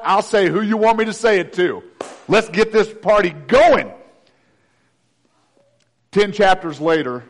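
A man preaching a sermon in a conversational way, with joking asides. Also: high-pitched. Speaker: pastor.

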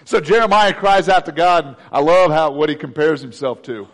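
A man's voice: on the high side, normal speed, few pauses. A man preaching a sermon in a conversational way, with joking asides. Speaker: pastor.

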